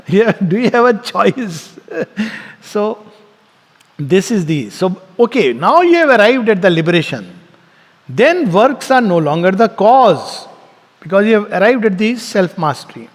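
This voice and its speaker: A man giving a spiritual lecture, telling stories, asking rhetorical questions and laughing often. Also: high voice. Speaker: spiritual teacher. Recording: long reverb in a hall.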